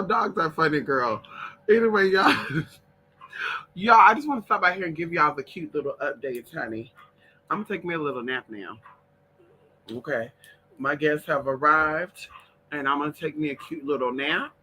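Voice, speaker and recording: Chatty bright-voiced man, playful drawl. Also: a little high, slight background noise, poor audio. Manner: chatty and playful, talks to pets and viewers. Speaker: vlogger doing a live stream. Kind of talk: casual live chat with viewers.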